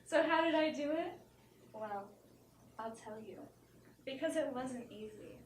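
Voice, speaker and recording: In a noisy theater with echo and audience laughter, a young woman does stand-up as a fake-sincere self-help speaker, giggling between lines and heard from a distance. Her high voice is animated and unhurried.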